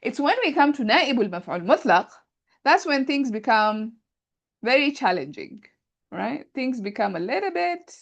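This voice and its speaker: A woman with a somewhat high voice teaches grammar in a live online class. She explains patiently, building each point step by step with worked examples. Her voice comes through a video call. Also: big pitch swings, brisk, lo-fi sound.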